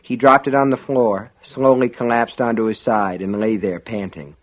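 A man reading an audiobook in a measured, dramatic storytelling manner. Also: medium pitch, fairly even intonation. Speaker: audiobook narrator. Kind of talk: scripted audiobook narration.

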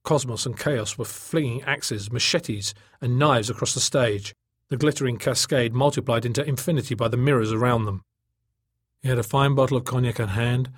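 A man reading a novel aloud in steady, measured narration. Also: mid-range voice, no room sound, studio quality. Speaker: audiobook narrator. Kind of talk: scripted narration.

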